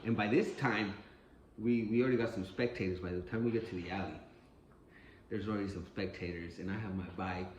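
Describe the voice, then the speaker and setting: A man's voice: on the low side, steady tone, a little fast, a little hiss or hum. Man, casual storyteller, profane, rambling, echoey room, faint ambience. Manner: rambling, profane, repeats himself. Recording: roomy echo, faint ambience.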